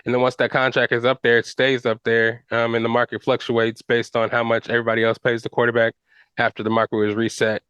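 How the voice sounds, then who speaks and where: A man's voice: medium pitch, completely flat delivery, fast, fairly bright tone, clear, resonant tone, no room sound. A man hosting a podcast, talking football casually in slang with fillers and restarts. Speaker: podcast host. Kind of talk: casual sports chat.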